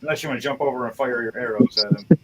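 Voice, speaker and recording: A man's voice: medium pitch, rapid-fire, crowd noise, poor audio. A man narrating as game master with casual, profane, gory descriptions. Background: background music.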